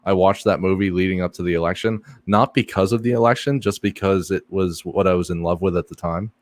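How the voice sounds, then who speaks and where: Deep-voiced rambling podcast guy. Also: brisk, no room sound. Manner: rambling, hesitant, lots of ums and restarts. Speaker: podcast co-host. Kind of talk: casual chat.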